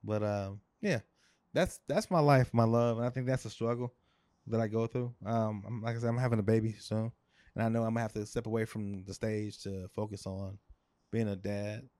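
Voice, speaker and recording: A man's voice: on the low side, fairly even intonation, normal speed, mellow, no room sound. Dry-miked joking male comedian. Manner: reflective, joking, repeats words. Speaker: guest comedian. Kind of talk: casual podcast chat.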